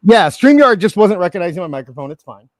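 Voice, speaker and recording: A man chatting on a live stream as a co-host, easygoing and quick to laugh. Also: high-pitched, very animated, no room sound, studio quality. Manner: easygoing, laughs often, conversational. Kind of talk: casual live stream chat. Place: remote stream setup.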